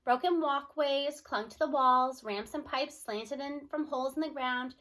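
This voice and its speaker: A woman reading a children's novel aloud with expressive storytelling. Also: high-pitched, measured pace. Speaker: reader. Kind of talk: children's book read-aloud.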